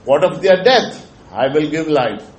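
A man's voice: fairly high pitch, animated, measured pace, roomy sound, poor audio. A male preacher voicing a loving, commanding male God the Father while reading a story aloud. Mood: resolute.

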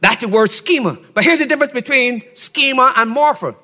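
A pastor preaching an expository sermon in a teacherly way, checking in with his listeners and building up to loud, emphatic exhortation. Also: very high voice, fairly quick. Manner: teacherly, checks in with "Okay?" and "See?".

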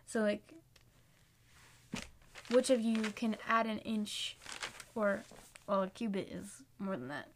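A late-teen girl who vlogs faith encouragement talks earnestly and casually about faith and reading scripture. Her mid-range voice is animated, full of "like" fillers and quick self-corrections.

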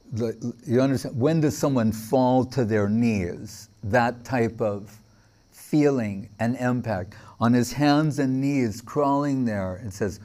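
A man's voice: mid-range voice, slow pace, warm tone. A man giving a devotional lecture, telling stories with quoted dialogue and frequent fillers. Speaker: spiritual teacher.

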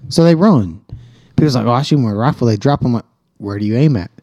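Male co-host, matter-of-fact; dark tone, dry recording. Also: medium pitch, lively intonation, fast talker, dry recording, dull audio. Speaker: podcast co-host. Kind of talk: casual chat.

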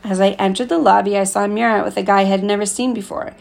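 A woman narrating a novel chapter as an audiobook, with a gravelly edge and voicing the dialogue herself. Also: mid-range voice, steady tone, fast, a little mellow. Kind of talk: scripted narration.

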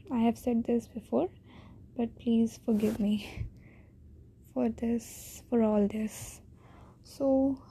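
A teenage girl with an Indian accent talks through her podcast in a slow, hesitant ramble. Her slightly high voice is dark and mellow with a breathy edge. She sounds shy and self-deprecating. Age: teens. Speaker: podcast host. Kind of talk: casual solo podcast monologue.

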